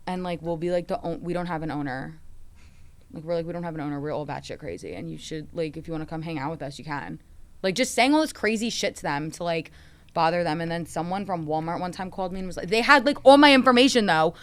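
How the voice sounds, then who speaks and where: A young woman hosting a podcast tells lively stories casually, acting out what people said and swearing frequently. Her fairly low voice is fast, clear, and resonant.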